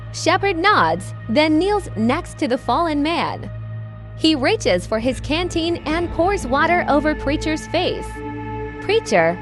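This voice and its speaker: A woman narrates a scripted horror story in a slow, measured way. Her voice is high and lively in pitch, and faint music plays behind her.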